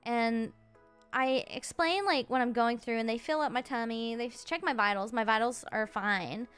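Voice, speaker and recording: A woman around thirty, a streamer telling a story in a chatty, halting way, full of "like" fillers and restarts. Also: a little high, a bit bright, clear, resonant tone, soft background music. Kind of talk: casual storytelling.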